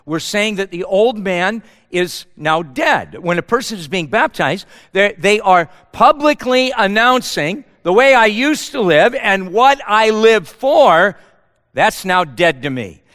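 High, animated preacher in a reverberant church. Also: male voice, slow. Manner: impassioned, repeats words, rhetorical questions. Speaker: pastor. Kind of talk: sermon.

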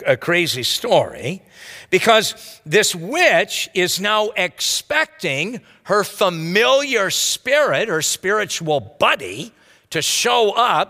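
Male pastor, high and expressive, conversational sermon, reverberant church sound. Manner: lively, conversational preaching with rhetorical asides.

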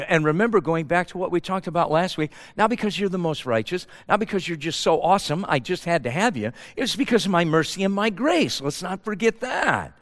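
High, animated preacher in a reverberant church. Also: male voice, a little fast, hardly any pauses. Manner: impassioned, repeats words, rhetorical questions. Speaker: pastor. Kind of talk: sermon.

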